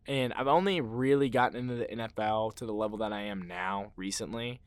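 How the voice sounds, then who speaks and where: A young man hosts a casual sports podcast in a fairly low, clean voice, talking a little fast. He rambles through his opinions with many fillers and restarts, getting worked up and loud when he rants. The recording is dry.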